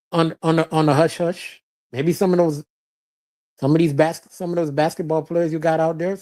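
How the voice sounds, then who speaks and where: Blunt, chatty streamer with a mellow voice. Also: medium pitch. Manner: loose, chatty, laughs often, blunt and profane. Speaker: live-stream host. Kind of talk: casual live-stream commentary, reading chat. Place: lives in Florida.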